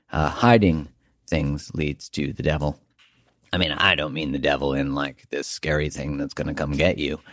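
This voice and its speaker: A man's voice: a bass voice, no room sound, studio quality. A man hosting a podcast, talking earnestly and emphatically in a reflective monologue, with the odd casual swear. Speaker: podcast host.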